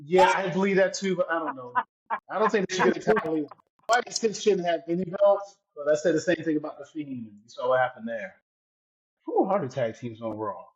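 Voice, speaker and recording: Brief: male co-host, slightly high voice, measured guesses, muffled lo-fi audio. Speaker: podcast co-host. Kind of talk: casual wrestling chat. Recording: dull lo-fi mic.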